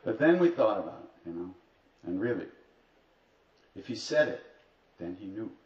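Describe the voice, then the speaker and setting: Very animated yet at normal speed, this fairly low, darkish male voice belongs to a retreat teacher regaling an audience with humorous stories. His asides are wry and dry, and he often makes fun of himself. The sound, recorded live in a retreat hall, is distant, roomy, dull and faintly ambient.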